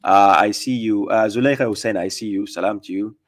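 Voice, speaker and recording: This fairly low-pitched Ghanaian man hosts a live stream on religious questions, reading viewer comments out loud. His replies are quick retorts, sprinkled with many fillers.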